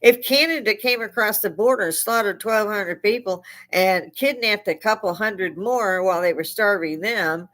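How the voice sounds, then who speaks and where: An older woman hosting a live stream, delivering a heated, profane political rant that keeps rising into shouting. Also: mid-range voice, normal speed, few pauses. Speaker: livestream host. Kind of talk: veteran speaking.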